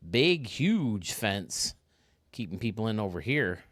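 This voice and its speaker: Give me an excitable man doing casual game commentary, fairly low and bright. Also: slow pace, dry recording, studio quality. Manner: chatty, excitable, talks to viewers. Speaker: video game stadium reviewer.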